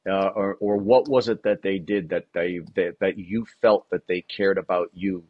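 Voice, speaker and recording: A man's voice: sits low, fairly even intonation, moderate pace, dry recording. A man hosting a podcast, asking earnest, probing questions that start and restart. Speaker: podcast host. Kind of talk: interview questions. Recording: dull, muffled, dry audio.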